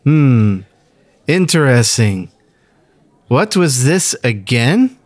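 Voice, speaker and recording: A man's voice: medium pitch, sing-song, drawn-out words, darkish tone. A man putting on a mock Welsh accent as a drawling, dreamy whiskey taster in a comic tasting bit.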